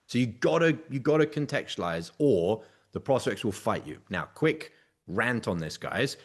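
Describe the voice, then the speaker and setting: A man coaching sales closers in a live role-play, direct and corrective. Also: mid-range voice.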